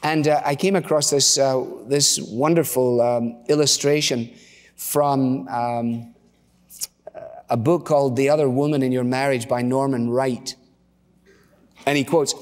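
In a church, a middle-aged male pastor preaches in a conversational, storytelling manner, dropping casual asides along the way. His mid-range voice is unhurried with fairly even intonation, and the recording carries a long church reverb.

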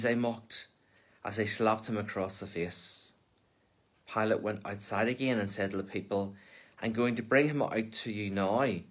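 A minister reading a Bible passage aloud for Lent, then explaining it in plain, conversational talk. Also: male voice, lowish voice.

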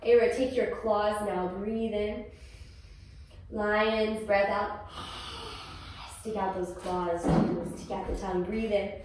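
A mother leading a toddler yoga class, talking gently in a sing-song way to a small child. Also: mid-range voice, flat delivery, takes it slowly, very noisy. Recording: echoey room, far from the mic.

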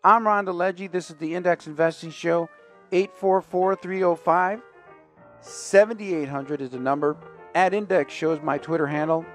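A man's voice: fairly high pitch, moderate pace, soft background music. A man hosting a finance radio show, talking casually and conversationally with fillers and asides.

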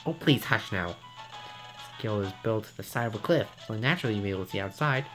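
A man voicing a fussy, bossy male parrot who assists a guildmaster, in a squeaky, high, prim voice. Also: lively intonation, fairly quick, fairly bright tone, soft background music, low-quality recording.

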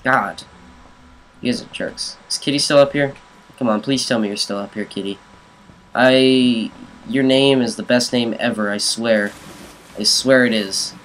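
A young man giving jokey let's play commentary on a zombie game, yelling at enemies and talking to his viewers. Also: mid-range voice, fairly even intonation, moderate pace, a little hiss or hum, low-quality recording. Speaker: gaming YouTuber.

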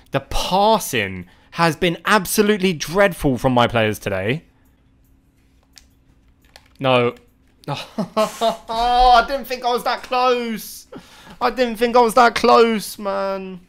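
A man's voice: fairly high pitch, a bit bright. Male gamer, live commentary, exasperated outbursts, swears freely. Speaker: gaming video creator. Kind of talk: live gameplay commentary to chat.

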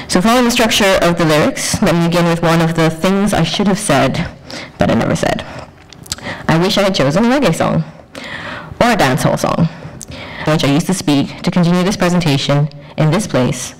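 A woman curator presenting a conference paper in a measured, poetic way, with deliberate pauses. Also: on the low side, animated, rough recording. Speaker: curator and researcher.

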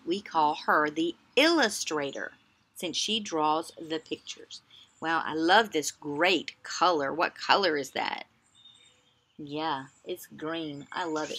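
A woman teaching young children in a video lesson, coaxing answers in a slow sing-song way and pausing for replies. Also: sits low, bright, forceful tone.

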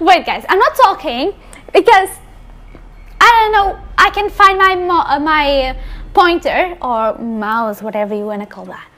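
A young woman commenting on a game she plays, excitable, often exclaiming and laughing. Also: high-pitched, unhurried. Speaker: gaming streamer. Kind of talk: let's play commentary.

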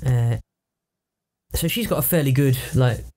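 A man's voice: mid-range voice, unhurried, a little mellow. A man co-hosting a podcast, brainstorming in loose, swearing, laugh-filled chat. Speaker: podcast co-host. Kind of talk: casual improvised brainstorming chat.

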